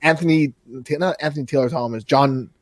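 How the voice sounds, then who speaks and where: A man co-hosting a podcast in casual chat, excitable and rambling, cursing freely as he talks. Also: a little high, a little fast, no echo. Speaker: podcast co-host.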